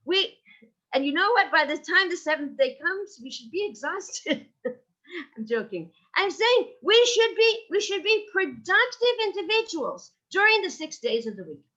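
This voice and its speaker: A woman's voice: very high voice, big pitch swings, normal speed, pushed and bright, dull audio. A woman teaching a Jewish ethics class, engaging her listeners with rhetorical questions and "right?", and weaving Hebrew terms into her English. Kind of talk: lively lecture.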